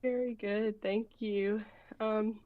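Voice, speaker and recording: A woman's voice: mid-range voice, little pitch movement, slow, dry recording. A woman on a video call tells a rambling, hesitant story to ask a question. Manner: rambling, hesitant, many fillers and restarts. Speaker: caller asking a question. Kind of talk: casual personal story. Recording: dull, dry, lo-fi call audio.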